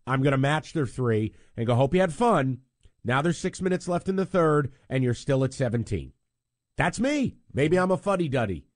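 A man's voice: medium pitch, big pitch swings, normal speed, no room sound, studio quality. A man hosting sports talk radio, speaking in a conversational, self-deprecating way and taking calls.

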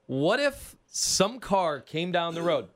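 Brief: male podcast host, lively swooping delivery, fairly high voice, casual storyteller. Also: slow. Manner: animated, spinning a comic hypothetical.

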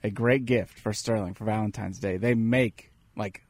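A man's voice: fairly low pitch, fairly even intonation, moderate pace, a little mellow, dry recording. A man co-hosting a talk show, giving brief, matter-of-fact replies in casual banter. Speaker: co-host.

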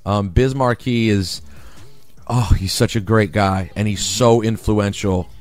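A man co-hosting a morning radio show, talking in emphatic, animated bursts. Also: fairly low pitch, unhurried.

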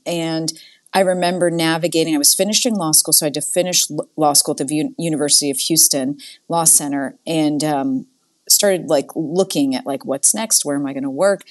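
A woman in her forties from the Boston area, a guest in a casual interview, telling stories with quick laughs and acting out quoted lines. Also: low-pitched. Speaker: guest, nonprofit CEO.

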